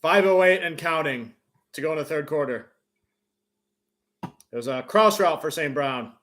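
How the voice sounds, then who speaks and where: A man hosting a live stream, giving a fan's play-by-play reaction that bursts into loud cheers on big plays. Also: on the high side, a little slow.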